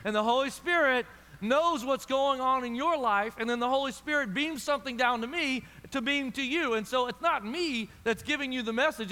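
A man's voice: very high-pitched, pushed and bright. A man preaching a sermon to a church audience, in a conversational style with frequent restarts. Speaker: pastor. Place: large church hall. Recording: long hall reverb.

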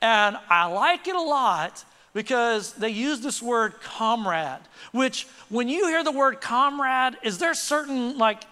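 A man preaching a lively sermon with quick asides, leading the congregation in call and response. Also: extremely high pitch, clean tone. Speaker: pastor. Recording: reverberant church hall.

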